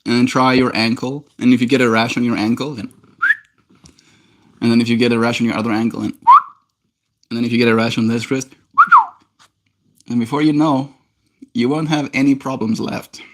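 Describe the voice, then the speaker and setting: A young man talks loosely to his livestream audience, answering comments and teasing his viewers. His delivery is playful and joking, and it drops to quiet mumbles now and then. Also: medium pitch, little pitch movement, fairly quick, pauses often. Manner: playful, teasing, drifting into silly put-on voices and quiet mumbles. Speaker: daily livestreamer. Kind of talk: casual livestream chat reading comments.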